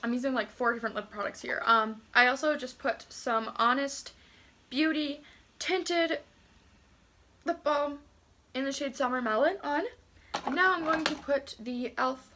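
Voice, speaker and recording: A woman's voice: high voice, measured pace, bright, forceful tone, a little hiss or hum. A woman beauty vlogger talking casually as she does her makeup, chatty and a little self-deprecating. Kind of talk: casual makeup tutorial chat.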